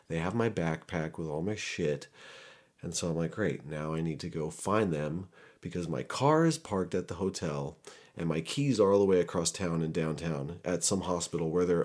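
Young man, very low voice, rambling and profane, casual storyteller. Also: darkish tone. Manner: candid, profane, rambling with restarts.

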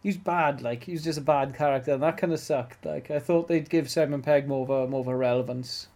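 A man in casual podcast chat, animated and full of restarts and asides. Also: medium pitch, quick pace. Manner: animated, swearing, trailing restarts.

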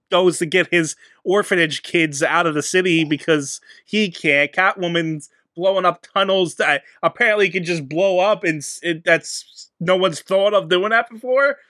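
A man's voice: high voice, normal speed, hardly any pauses, sharp tone, no room sound, clean studio sound. A man co-hosting a casual movie podcast, recapping the plot in a joking, dismissive way. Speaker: podcast co-host. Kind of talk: casual movie-review chat.

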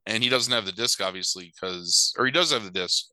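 A podcast co-host, male, recaps a movie in a casual chat, rambling through the plot with lots of fillers and exaggerated voices for the characters' lines. His voice is lowish, brisk, and sharp-toned, recorded roughly with no echo.

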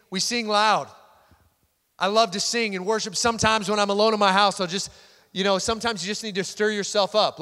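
Male pastor, high voice, animated storyteller, in a reverberant hall. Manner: animated storytelling, swells loud in worship. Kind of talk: sermon.

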